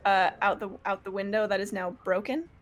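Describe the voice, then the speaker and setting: A woman's voice: medium pitch, steady tone, fairly quick. A young woman playing a tabletop game over an online call, asking eager questions about her character's actions. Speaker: player.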